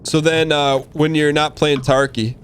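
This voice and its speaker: A man's voice: fairly high pitch, fairly even intonation, measured pace, a little hiss or hum. A man hosting a gaming stream, chatting casually with his teammate and asking him many questions. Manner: friendly, asks many questions. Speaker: streamer host.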